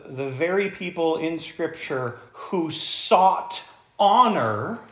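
Guy preaching a sermon in an echoey church, kinda high voice, big emphasis, asks the crowd questions. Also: fairly bright tone. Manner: emphatic, rhetorical questions to the congregation. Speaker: pastor.

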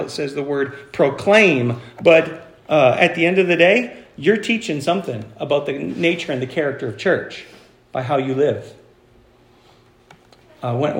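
A man's voice: a little high, reverberant. A man preaching a sermon as pastor, talking in a conversational way with fillers and restarts. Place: church.

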